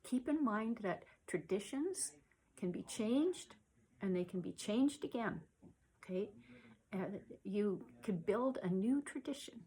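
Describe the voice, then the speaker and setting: A soft-spoken woman talks slowly and gently, giving self-care advice to the camera. Her voice is breathy and husky, and she often drops almost to a whisper between unhurried pauses. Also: medium pitch, animated.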